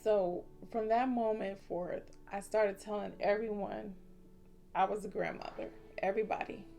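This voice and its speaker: A woman in her forties telling a heartfelt personal story in a slow, emotional vlog. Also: mid-range voice, fairly even intonation, gravelly. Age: 40s. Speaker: vlogger. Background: soft instrumental music.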